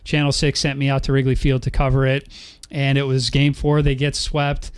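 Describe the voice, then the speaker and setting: A man's voice: medium pitch, completely flat delivery, moderate pace, clear, resonant tone. Young male sportscaster guest, cheerful, tells stories on himself. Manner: upbeat storyteller, laughs at himself. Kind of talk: casual sports radio chat.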